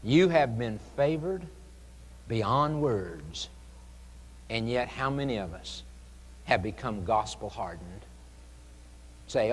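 A man delivers an earnest, pleading sermon at a slow, deliberate pace, his mid-range voice sounding like an ordinary man's. Long reverb from a large church hall trails after each phrase. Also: medium pitch, lively intonation, breathy edge. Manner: earnest, pleading evangelistic preaching with dramatic pauses. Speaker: preacher.

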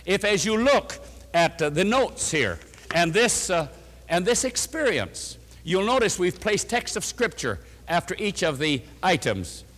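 Earnest preacher in a reverberant hall. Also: male voice, high voice, very animated, a little slow, a bit bright. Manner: earnest storytelling, retelling a letter with rising emotion. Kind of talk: sermon.

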